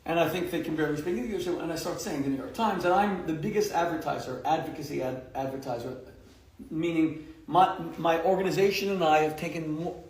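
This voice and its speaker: Man, rabbi lecturing live. Emphatic and wisecracking, voice a bit high, recorded in a reverberant hall. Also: creaky, a little mellow. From United States. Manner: emphatic and jokey, mocking nicknames, laughing at his own jokes. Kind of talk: live lecture to a community audience.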